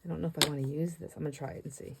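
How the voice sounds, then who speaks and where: A woman's voice: low voice, fairly even intonation, racing, gravelly, background noise. A middle-aged woman chatting casually while she paints, rambling and laughing often. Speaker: craft vlogger.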